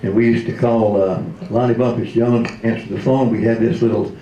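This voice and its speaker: A man's voice: mid-range voice, fairly even intonation, a little fast, warm tone, lo-fi sound. A man in his seventies, a retired radio DJ, telling comic stories in a speech, laughing often and slipping into voices. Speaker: retired radio DJ, convention speaker. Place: convention hall. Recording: roomy hall.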